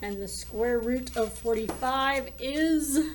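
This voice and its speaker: A woman's voice: sits high, slow, slight background noise. A woman teacher walking through math problems in a recorded lesson, thinking aloud as she draws and works them out. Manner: talks while drawing and working problems aloud.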